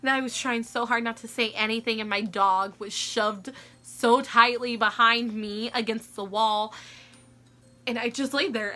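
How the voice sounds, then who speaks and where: A woman in her twenties telling a story to camera in a casual, animated way, laughing often and filling her talk with "like.". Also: fairly high pitch. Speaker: vlogger.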